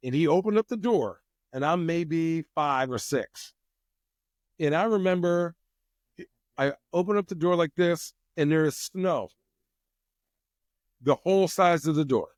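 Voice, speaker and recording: A man talks easily as an interview guest, his voice sitting a bit high for a man. He tells animated stories and acts out other people's lines along the way. The sound is dry and close, with no room echo. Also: normal speed, pauses often. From United States. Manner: animated storyteller who acts out quotes. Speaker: guest, wine company president. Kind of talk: casual interview chat.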